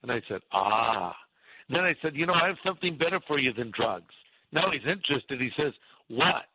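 A middle-aged male pastor telling a lively anecdote in a radio interview, acting out the voices in his story. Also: medium pitch, normal speed, slightly rough, no echo. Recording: tinny phone-line radio sound.

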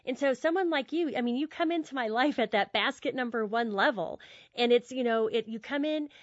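A woman with a slightly high voice talks earnestly in a casual, conversational teaching style, often circling back and repeating words as she works out her thought. The audio is dull and very dry. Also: a little fast, dry recording. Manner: warm, earnest, repeats words while thinking. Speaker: guest speaker on friendship.

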